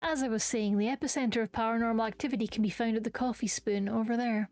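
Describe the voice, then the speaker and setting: A woman's voice: a little high, steady tone, quick pace, a little mellow, faint music behind, close to an everyday voice. Woman playing a hammy fake-Scottish ghost historian. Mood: mock-serious. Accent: put-on Scottish. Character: middle-aged man posing as Scottish ghost historian.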